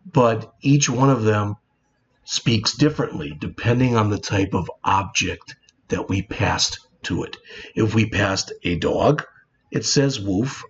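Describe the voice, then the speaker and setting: A man with a husky, low voice teaches programming slowly in a screen-recorded tutorial, explaining plainly and frequently saying "all right." The audio has a dull, lo-fi quality and faint background noise.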